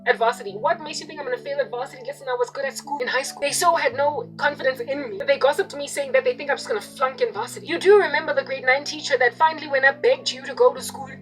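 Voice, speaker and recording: A young South African woman with a high voice, a video blogger, pours out an emotional, aggrieved personal monologue directly to her viewers, talking fast with few pauses. She swings from hushed confession to sharp, loud imitations of shouting, with faint music running beneath.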